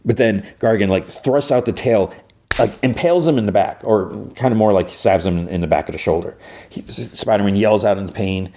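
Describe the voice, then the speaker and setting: Deep-voiced man rambling through a recap. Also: brisk, dark tone, a little hiss or hum. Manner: rambling, full of fillers and restarts. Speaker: podcast host. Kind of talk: casual episode recap.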